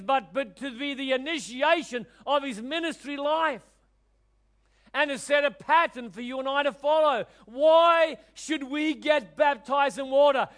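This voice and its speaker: A man. He brings quoted voices to life and swings from loud proclamations to soft, confiding asides. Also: very high voice. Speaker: preacher. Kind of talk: sermon.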